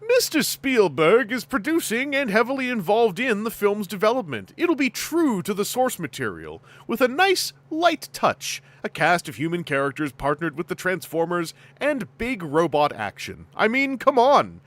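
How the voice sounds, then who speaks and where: A man's voice: high voice, huge pitch swings, moderate pace, few pauses, a bit bright, pitched above the performer's own voice, full character voice. A man doing a snobby Hollywood writer. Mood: smug, breezy. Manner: affected posh, moneyed drawl.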